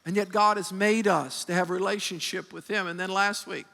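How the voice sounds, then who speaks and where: A man preaching a sermon as pastor, animated and emphatic, often restarting his sentences. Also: high-pitched, normal speed, gravelly. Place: large church hall. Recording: long hall reverb.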